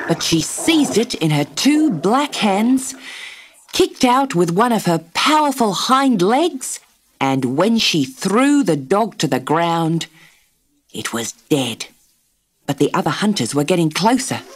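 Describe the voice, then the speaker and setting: A woman narrating a children's storybook tape in a measured, expressive way. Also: fairly low pitch, slightly rough. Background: soft story music.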